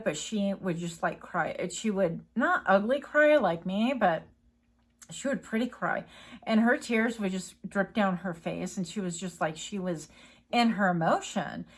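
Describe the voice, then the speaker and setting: A woman giving a casual tarot reading, chatty and rambling, with many fillers and tangents. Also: medium pitch. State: coughing, a bit choked up. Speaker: tarot reader.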